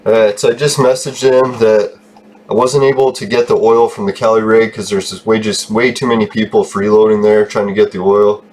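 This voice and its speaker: Talking casually over his gameplay, this gaming channel host rants, swears a lot, and laughs quickly. He has a fairly low pitch, a flat delivery, and a slightly mellow quality, with some hiss or hum audible.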